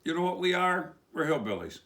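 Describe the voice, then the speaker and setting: A man's voice: on the high side, sing-song, fairly quick, fairly bright tone. A man from West Virginia with a West Virginia accent, preaching an informal sermon in a rambling way full of rhetorical questions.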